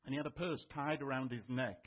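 A man's voice: medium pitch, fairly even intonation, fast, slightly rough, muffled recording. A male pastor giving a sermon in a conversational teaching manner.

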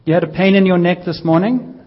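A man leading a casual church healing session, gently coaxing and joking with the congregation. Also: high-pitched, quick pace, lo-fi sound. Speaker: pastor leading healing prayer.

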